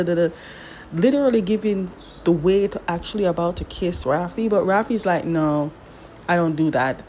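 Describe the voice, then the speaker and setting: A woman's voice: medium pitch, mellow, slight background noise, rough recording. A woman giving a casual, chatty drama recap, talking back to the characters as she goes.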